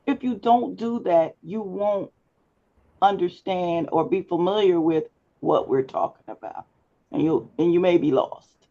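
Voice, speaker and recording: Her voice sits on the low side, mellow and a little slow, as this public speaking instructor gives a firm, instructive live lecture over a video class call. She speaks directly to her students through a computer mic, and the audio is slightly dull.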